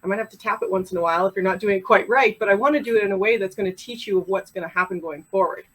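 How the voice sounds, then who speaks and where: A woman's voice: mid-range voice, racing, fairly bright tone, poor audio. A woman from Canada in her thirties, a pharmacist and coach, talking casually as a podcast guest in a heartfelt, storytelling way. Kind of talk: casual interview chat.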